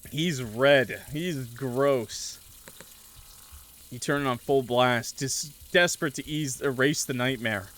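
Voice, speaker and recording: A male gaming streamer narrates a horror visual novel with dramatic, measured reading. He drops into casual, joking asides between passages, his voice sitting at an ordinary middle pitch. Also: a bit bright.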